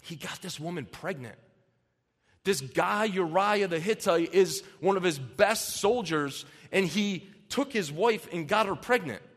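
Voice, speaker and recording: A man's voice: sits high, lively intonation, a little slow, fairly bright tone. A man preaching a sermon, reading scripture aloud and then explaining it earnestly in casual terms, in a church hall. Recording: long reverb in a large hall.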